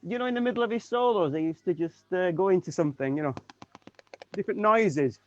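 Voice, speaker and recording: A man, a keyboardist, chatting casually in a halting way with many restarts. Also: high voice, dull audio. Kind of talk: casual chat.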